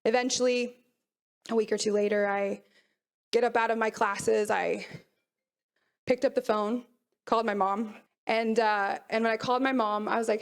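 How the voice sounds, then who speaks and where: Woman, 30s, motivational speaker, high bright voice, earnest storyteller who acts out her inner voices. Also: steady tone, moderate pace, long pauses. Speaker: mental performance speaker. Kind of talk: motivational talk to young athletes.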